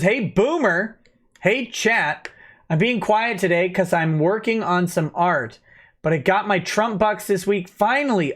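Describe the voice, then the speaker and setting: Hosting a laid-back livestream, this man in his thirties has a high voice with a fairly bright tone. Between passes through a legal document, he reads out viewers' chat comments and responds to them.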